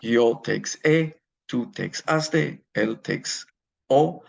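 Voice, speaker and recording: A man's voice: medium pitch, very slow, gravelly, muffled recording. A man teaching a Spanish grammar lesson, explaining step by step and answering his own questions.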